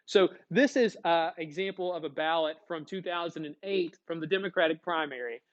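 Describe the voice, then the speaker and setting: A man teaching a classroom lecture, lively, acting out short dialogues as he explains. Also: on the high side, fairly quick, lo-fi sound. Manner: animated, acts out little dialogues.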